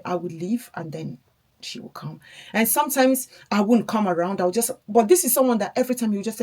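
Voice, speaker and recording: A woman's voice: fairly high pitch, quick pace, darkish tone. A young adult woman, chatting candidly and rambling a little as she tells a personal story in a get-ready-with-me vlog. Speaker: vlogger.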